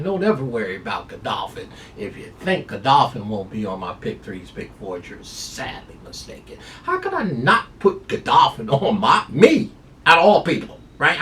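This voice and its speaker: A man giving an excitable horse racing preview, stretching words for emphasis and calling out "y'all". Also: mid-range voice, recorded from a distance, slight background noise. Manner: excitable, drawn-out emphatic lines, folksy "y'all". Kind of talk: race preview and picks.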